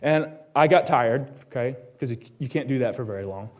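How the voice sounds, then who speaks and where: A man delivering a personal sermon in a church, his voice sitting at a middle pitch. He tells his own story in a conversational way, tossing quick questions out to the congregation and dropping to a hushed tone on the solemn moments. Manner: drops to a hushed tone on solemn lines. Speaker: pastor.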